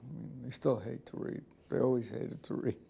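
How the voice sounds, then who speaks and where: A film director in an interview, telling rambling, blunt anecdotes with some profanity. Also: male voice, medium pitch, fairly even intonation, normal speed, vocal fry, mellow, husky. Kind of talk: interview storytelling.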